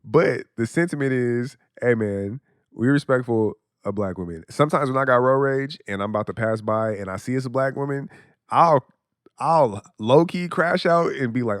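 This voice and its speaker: A man's voice: medium pitch, moderate pace, dry recording, studio quality. A young adult man hosting a podcast, talking in a blunt, profane, casual monologue and laughing often. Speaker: podcast host.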